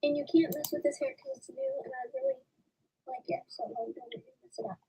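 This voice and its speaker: Young woman co-host, high and bouncy, gravelly edge, mic far off with faint hiss. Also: sing-song, a little fast, dark tone. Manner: teasing, playful. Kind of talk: casual chat. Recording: distant voice with faint noise.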